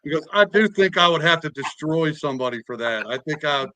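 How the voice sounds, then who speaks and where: A man's voice: a little high, animated, fairly quick, noisy background. A man co-hosting a podcast, chiming in with blunt, crude banter. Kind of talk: casual podcast chat.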